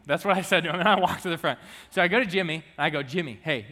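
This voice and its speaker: Young guy preaching, chatty and jokey, bright voice, pitch kinda high, big church reverb. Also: fast talker. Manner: chatty, joking storyteller. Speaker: student minister. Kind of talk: sermon. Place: church sanctuary.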